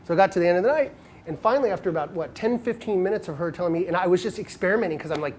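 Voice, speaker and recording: Animated male dating coach. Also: high voice, racing, slight background noise. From United States. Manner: animated storytelling, acts out quoted lines. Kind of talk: casual coaching talk.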